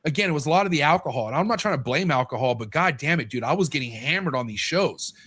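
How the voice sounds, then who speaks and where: A man's voice: fairly high pitch, expressive, fast, a bit bright, husky. A man in his thirties talking as a podcast guest in casual chat, candid and swearing freely, acting out what people said to him.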